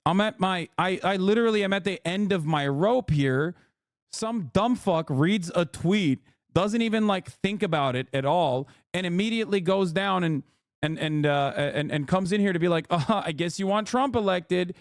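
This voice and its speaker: A man's voice: sits high, moderate pace, no room sound, clean studio sound. A man streamer giving heated political commentary, ranting with exasperation and heavy swearing. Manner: mocks others in put-on voices.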